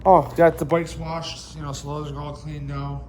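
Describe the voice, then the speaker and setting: A man's voice: fairly high pitch, flat delivery, normal speed, dark tone. A young man, chatting casually in a vlog, rambling with lots of fillers and frequent swearing. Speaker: vlogger. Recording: faint background noise.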